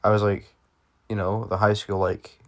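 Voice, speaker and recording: A young man from Britain tells a personal story straight to camera in a loose, rambling way. He peppers his talk with fillers and swearing. His voice sits on the low side. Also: little pitch movement, normal speed. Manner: rambling, heavy swearing, lots of "like". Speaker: vlogger. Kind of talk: casual storytelling.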